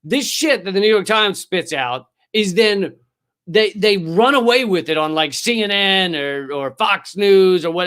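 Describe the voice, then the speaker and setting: A man hosting a comedy news show, delivering a sarcastic, profane rant with sudden swings in pitch and mock voices. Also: a bit bright.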